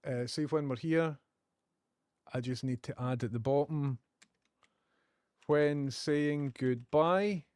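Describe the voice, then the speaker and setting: A man's voice: mid-range voice, darkish tone, clean tone, dry recording. A Scottish man chatting casually on a live stream, joking and laughing often.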